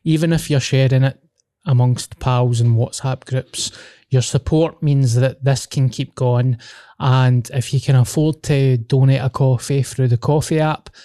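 A man's voice: medium pitch, fairly even intonation, unhurried, dark tone, no echo, studio quality. A young man with a Glaswegian accent hosting a casual podcast, rambling and swearing as he chats. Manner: swearing, laughing, rambling banter. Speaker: podcast host.

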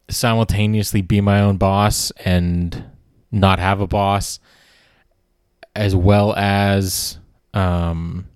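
A man's voice: low-pitched, smooth, no room sound, clean studio sound. A man hosting a podcast in a casual comedic monologue, rambling and sardonic and swearing freely. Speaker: podcast host.

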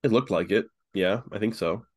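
A man co-hosting a sports podcast in easygoing, halting chat, his voice a little rough from allergies and early morning. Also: on the low side, a little mellow. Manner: easygoing, hesitant, many fillers. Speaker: podcast co-host.

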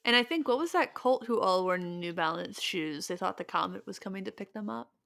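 A young woman co-hosting a laid-back podcast, teasing her partner with playful jabs. Her voice sits at an ordinary middle pitch for a woman, and she talks casually. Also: animated, brisk, gravelly, fairly bright tone. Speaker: podcast co-host.

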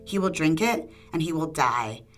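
A woman's voice: animated, normal speed, over music. A woman doing a grave old king of snakes. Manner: grave and low. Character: wise wary male king of snakes.

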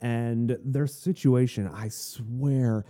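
A man's voice: mid-range voice, steady tone, drawn-out words, dark tone. A man hosting a podcast, telling a long anecdote in a rambling, wry, self-deprecating way. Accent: none, non-Southern American. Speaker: podcast host. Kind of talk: casual anecdotal storytelling.

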